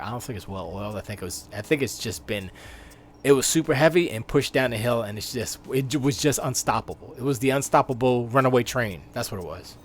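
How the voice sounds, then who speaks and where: A man's voice: medium pitch, a little fast, a bit bright, a little hiss or hum. Male live stream host, casual gaming news commentary, rambling. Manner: rambling, riffs on the news he reads.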